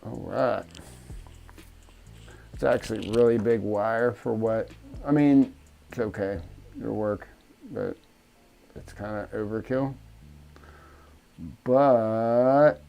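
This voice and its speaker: A man's voice: lowish voice, slow pace, vocal fry, long pauses, mellow, faint music behind. A man rambling casually and profanely to himself as he tinkers in his home studio. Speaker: FPV drone hobbyist. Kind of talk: casual workbench chat.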